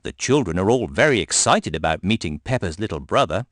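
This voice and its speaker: A man gently reading a children's storybook aloud in a sing-song, scripted narration. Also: low voice, big pitch swings, a little fast, no room sound, studio quality.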